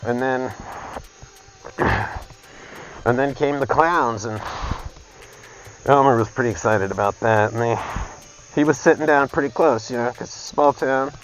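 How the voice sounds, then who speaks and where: A man's voice: mid-range voice, unhurried, pauses often, slight background noise, poor audio. A man telling a long joke in a loose, casual way, full of fillers and self-corrections, while he paints. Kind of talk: rambling casual storytelling.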